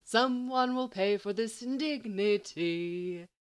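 A woman's voice: mid-range voice, slow pace, clear, resonant tone, lightly acted. A woman voicing a small male robot teddy bear that speaks in a maniacally cheery, sing-song storytelling voice while vowing revenge. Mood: sing-song threat.

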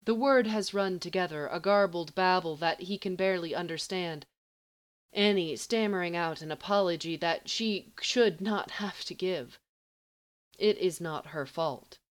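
A woman reading a story aloud in a measured, even way. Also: on the low side. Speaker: narrator.

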